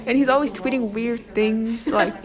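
A woman's voice: on the high side, moderate pace. A young woman co-hosting a casual chat podcast, chatty and rambling. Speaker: co-host.

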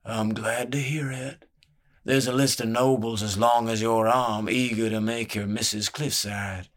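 A man voicing a sly, calculating older male spymaster who talks slowly and smoothly, needling as he goes. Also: fairly low pitch, steady tone, close to an everyday voice. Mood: cool, needling.

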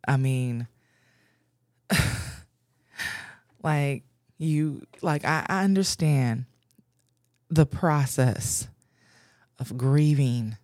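A woman's voice: very deep voice, darkish tone, no room sound, studio quality. A woman podcast host frankly commenting on a news story she reads out, laughing often.

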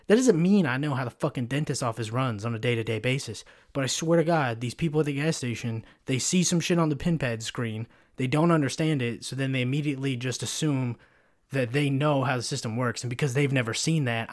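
A man's voice: medium pitch, fairly quick. Young man, solo podcast host, foul-mouthed rambling rant, close mic. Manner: profane, rambling storytelling with many fillers. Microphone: pop filter mic.

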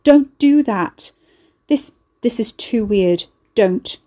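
A woman reader plays a sharp-tongued young heroine in a dark storybook. She is broke and frazzled, snapping and swearing. Her lines sit higher and louder than the narration, on a mellow tone. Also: animated, takes it slowly. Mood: frantic.

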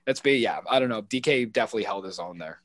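A man co-hosting a casual football podcast, rambling and animated with frequent restarts. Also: lowish voice, fast, no echo. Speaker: podcast co-host. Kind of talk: casual sports podcast chat.

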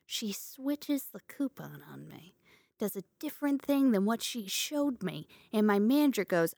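A woman's voice: on the high side, sing-song, measured pace, gravelly, darkish tone, no echo, studio quality. A woman telling a story in casual chat, laughing often and acting out the voices of people in it.

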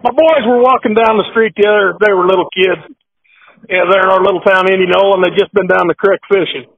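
A man's voice: high-pitched, steady tone, fast, vocal fry, slightly rough. A man from Nebraska who breeds cattle, talking casually and a bit rambling as a podcast guest over a phone line, often repeating his words. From Nebraska, USA. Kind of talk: casual phone interview and joke telling.

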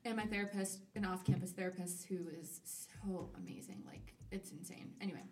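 A woman's voice: lowish voice, moderate pace, a little hiss or hum. A college student in her twenties, a guest on a podcast, telling her story openly and acting out her own quoted thoughts. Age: 20s. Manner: open, candid storytelling, animated quoting of herself. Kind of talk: casual conversation. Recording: roomy, slightly distant mic.

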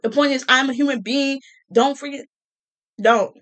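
A woman's voice: high-pitched, steady tone, normal speed, fairly bright tone. A young adult woman talking casually to camera, joking, laughing often and repeating her phrases. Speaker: vlogger.

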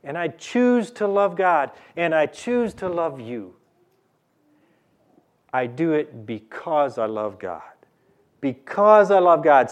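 Slow, emphatic male preacher. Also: fairly high pitch. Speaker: pastor. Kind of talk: sermon.

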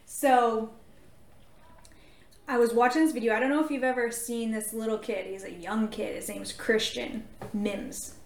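A woman with a fairly high voice tells a story in loose, chatty podcast talk, piling up fillers as she goes. The room around her is echoey and reverberant. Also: a little slow, gravelly, long pauses, slight background noise. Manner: animated storytelling with many fillers. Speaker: podcast co-host. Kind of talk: casual faith-talk podcast chat.

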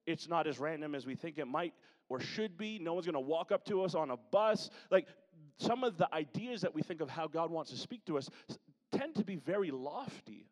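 A man's voice: on the high side, expressive, a little fast. A man preaching a conversational sermon to his congregation, with joking asides. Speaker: pastor. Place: church sanctuary. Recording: long hall reverb.

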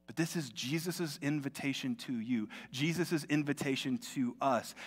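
Pastor preaching in a reverberant hall. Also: male voice, a little high, a bit bright. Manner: conversational storytelling preacher. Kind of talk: sermon. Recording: long reverb of a large hall.

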